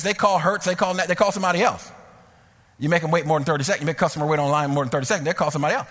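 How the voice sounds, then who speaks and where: A bright, high-pitched man preaching in a church, telling stories with lots of repetition and building to near-shouts. His voice carries a long hall reverb. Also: fairly even intonation, racing. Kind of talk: sermon with personal stories.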